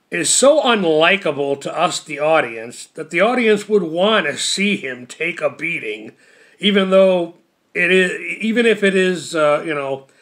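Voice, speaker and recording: A man's voice: on the high side, sharp tone. A man casually recapping a TV episode, laughing constantly and rambling with lots of fillers. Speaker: show reviewer.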